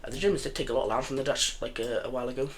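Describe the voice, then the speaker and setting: A man's voice: mid-range voice, very fast, noisy background. A young man casually narrating a map game, rambling and joking and often correcting himself as he goes. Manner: rambling, chatty, jokey, often corrects himself mid-sentence. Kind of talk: casual commentary over an alternate-history map game.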